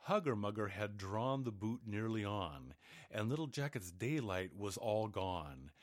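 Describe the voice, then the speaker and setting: A man narrating a fairy tale aloud in an expressive storybook reading. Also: fairly low pitch, measured pace, no room sound, clean studio sound. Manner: expressive, animated.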